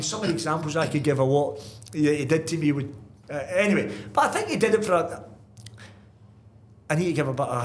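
A middle-aged man, a guest telling lively stories in casual chat, full of asides and restarts. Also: a little high, slight background noise. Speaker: guest, football manager. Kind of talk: casual anecdotal storytelling.

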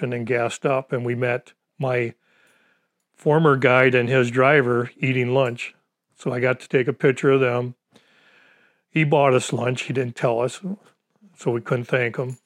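A man's voice: mid-range voice, no room sound, studio quality. Folksy older man telling a hunt story. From Michigan's Upper Peninsula. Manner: plain-spoken, folksy grammar, lively quoted dialogue. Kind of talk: casual storytelling.

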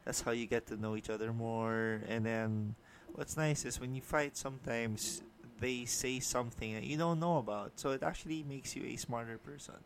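A man's voice: medium pitch, fairly even intonation, moderate pace, slight background noise. A young Filipino man co-hosting a casual podcast, laid-back with dry humor, mixing English and Tagalog. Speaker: podcast co-host. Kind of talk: casual couple podcast chat. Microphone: podcast microphone.

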